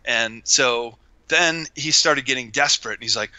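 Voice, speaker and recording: A man telling anecdotes as a talk show guest, gregarious and lively, acting out the people he quotes. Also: a little high, measured pace, smooth, no echo, poor audio. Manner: gregarious, animated, acts out quoted voices. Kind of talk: casual storytelling chat.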